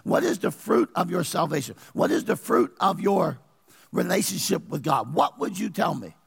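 A man's voice: high-pitched, very animated, moderate pace, vocal fry, a bit bright, breathy edge, in a large hall. A man preaching a sermon as pastor, asking his congregation questions and pressing his points. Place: church.

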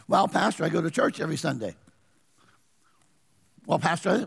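A man's voice: on the high side, sing-song, normal speed, vocal fry, long pauses, fairly bright tone, husky, in a large hall. A man preaching a sermon as pastor, asking his congregation questions and pressing his points. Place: church.

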